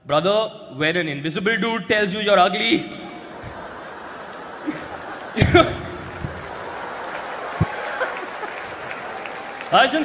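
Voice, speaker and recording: High-voiced guy doing a crude roast on stage, shouty punchlines, echoey hall, crowd noise. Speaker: roast comedian. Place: large hall with a live audience.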